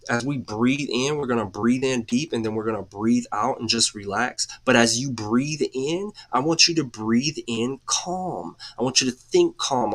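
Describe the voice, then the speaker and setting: Man of average pitch hosting a live mindset talk, casual and repetitive, slows right down to lead breathing. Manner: casual, repeats "okay" and "all right" often; slow, calm guided breathing cues. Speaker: motivational host.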